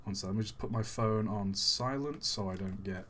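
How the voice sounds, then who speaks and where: A man's voice: on the low side, fairly quick, a bit bright, slight background noise. A man hosting a live stream in a casual, chatty way, reading out viewers' messages and answering them offhandedly.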